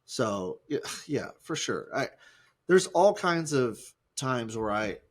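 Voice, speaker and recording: A man's voice: medium pitch, very animated, slow, husky. A man co-hosting a podcast in casual, rambling chat, cracking jokes and putting on silly voices. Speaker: podcast co-host.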